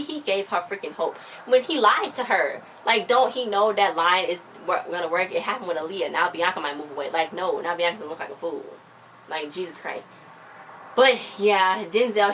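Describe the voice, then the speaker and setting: A chatty young woman recaps a TV episode, sounding opinionated and slipping into little voices for the characters. Her voice sits a bit low, with faint noise in the background. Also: fast, fairly bright tone.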